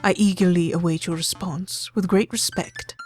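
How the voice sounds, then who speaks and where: A woman voicing a dramatic, formal gothic man reading a flowery love letter in a game let's play, slow and theatrical. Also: fairly low pitch, fairly even intonation, soft background music, natural voice. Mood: earnest, courtly.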